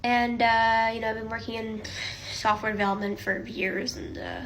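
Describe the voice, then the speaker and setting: A woman playing an anxious young job candidate who stammers and fills every pause with "like" and "you know". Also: fairly high pitch, little pitch movement, fairly bright tone. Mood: nervous rambling. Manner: nervous, stammering, filler-heavy.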